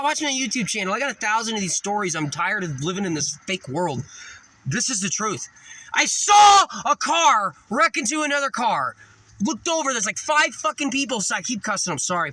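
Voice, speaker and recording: A man's voice: sits high, pushed and bright, a little hiss or hum, rough recording. A man telling a rambling spiritual story to camera, cussing now and then and acting out the people in it. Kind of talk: rambling first-person storytelling.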